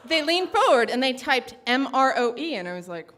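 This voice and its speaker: Woman, high-pitched, live stage storytelling, chatty, lots of fillers, self-mocking. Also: big pitch swings, normal speed, a bit bright, some chatter behind, slight background noise.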